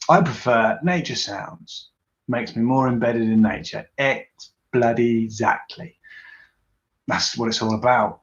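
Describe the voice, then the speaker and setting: A man chatting casually on a live stream, rambling and poking fun at himself as he answers viewer comments. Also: medium pitch. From Britain. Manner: rambling, self-deprecating, chatty. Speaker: YouTuber doing a live tinkering stream. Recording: roomy, dull recording.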